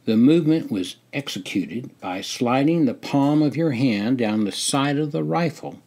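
An older man narrates his personal memoir in a measured, deliberate way. He reads slowly, taking his time over each detail. His voice sits at an ordinary middle pitch. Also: lively intonation, a little mellow.

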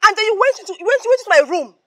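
A Nigerian actress playing a haughty, wealthy young woman who shouts, stammers in rage and barks orders. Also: extremely high pitch, animated, racing, heavily acted. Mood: furious. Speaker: actress in a film.

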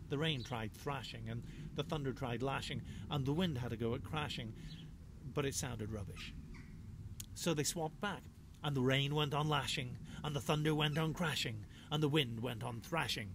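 Man, children's author, storybook read-aloud, playful and rhythmic, medium pitch. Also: moderate pace, background noise. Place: home.

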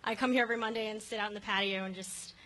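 A woman of twenty doing a stand-up set in a comedy club, halting and giggly, full of ums. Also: medium pitch, steady tone, a crowd in the background, poor audio. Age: 20s. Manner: halting, filler-heavy, giggly delivery. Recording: faint room noise in a comedy club.

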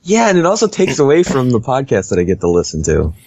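A man co-hosting a casual podcast, deadpan and easygoing, who laughs often. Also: medium pitch, fast talker, dry recording, dull audio. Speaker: podcast co-host.

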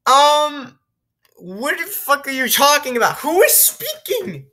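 A woman's voice: high voice, sing-song, slow, pushed and bright. A woman doing gameplay commentary, reading a text story aloud and reacting with incredulous, swearing, laughing remarks. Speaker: video game streamer.

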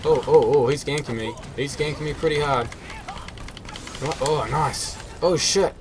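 A man's voice: on the high side, a little slow, noisy background. Self-mocking man playing a game. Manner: self-mocking, chatty, swears when frustrated. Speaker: game player. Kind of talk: solo gameplay commentary.

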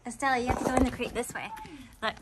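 A woman talks to her puppies in a high, sweet baby-talk voice. She chats casually at home, and the recording has clear background noise. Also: steady tone, racing. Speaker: home dog breeder.

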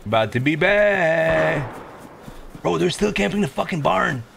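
A man's voice: a little high, animated, a little slow, vocal fry, fairly bright tone, a little hiss or hum. A man chatting casually with a friend while gaming, laid-back and swearing freely. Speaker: gamer.

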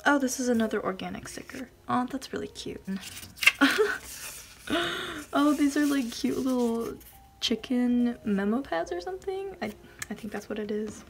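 A woman vlogger chatting casually as she unboxes a package, gushing and giggling, often dropping into soft whispers. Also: on the high side, animated, moderate pace, soft background music.

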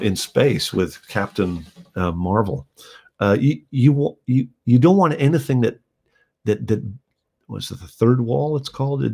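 A man's voice: medium pitch, gravelly, darkish tone, slightly rough. A man, a songwriter, talking casually and thoughtfully about writing his own song, rambling with restarts and acting out quotes with animation. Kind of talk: reflective casual talk on songwriting.

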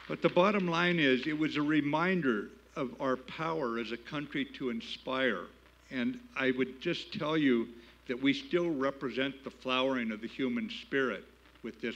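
Older male keynote speaker, mid-pitched, folksy storyteller, slightly dull lo-fi sound. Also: a bit bright. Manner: plain-spoken, folksy, building to emphatic patriotic appeals. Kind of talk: storytelling speech. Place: gala banquet hall.

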